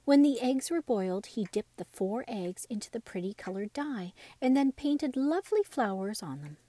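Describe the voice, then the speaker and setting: A woman reading a classic children's story aloud as a bedtime story, gentle and expressive. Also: a little high, moderate pace, no room sound.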